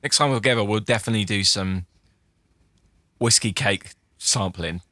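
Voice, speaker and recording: A man's voice: on the low side, normal speed, sharp tone, no room sound, clean studio sound. A man co-hosting a podcast, chatting casually, laughing often and restarting his sentences. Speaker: podcast co-host.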